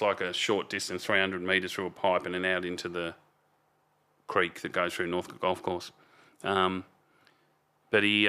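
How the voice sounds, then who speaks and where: Casting note: Australian man, 50s, low voice, rambling podcast guest with blunt swearing. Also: sharp tone, smooth. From Melbourne, Australia. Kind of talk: casual storytelling.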